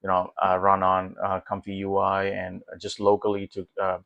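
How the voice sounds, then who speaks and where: Guy on a tech vlog, lowish voice, rambly and easygoing, lots of ums, dry close sound. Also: moderate pace, gravelly, dry recording, dull audio. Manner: rambling, many fillers and restarts; excited, easygoing. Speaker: tech vlogger. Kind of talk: casual walkthrough commentary.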